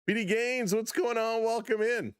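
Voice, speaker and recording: A man with a high, light voice calls a baseball game on a live stream, recorded close and dry with no room sound. He gets loud and excited on big plays, laughs easily, and greets his chat viewers by name. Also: moderate pace, clean tone, dry recording. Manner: bursts into shouting excitement on big plays, chuckles often. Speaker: live stream play-by-play host. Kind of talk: excitable baseball play-by-play with chat shout-outs.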